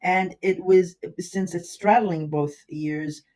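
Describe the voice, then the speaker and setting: A woman's voice: fairly low pitch, steady tone, slow, a little mellow. A woman astrologer giving a casual horoscope reading, emotional and rambling, with many fillers.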